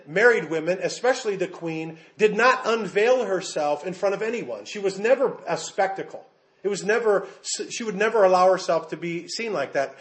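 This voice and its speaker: A high-voiced American pastor preaches to his congregation with lively emphasis. He slows for weight, then quickens for a joke. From United States. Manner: animated, emphatic, jokes with the congregation. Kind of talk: sermon.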